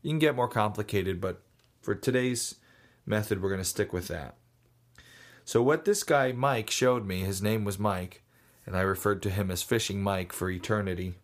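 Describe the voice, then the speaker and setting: A man's voice: fairly low pitch, normal speed. A man giving a casual, folksy how-to talk on fishing, mixing in stories. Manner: folksy, storytelling. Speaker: fishing instructor.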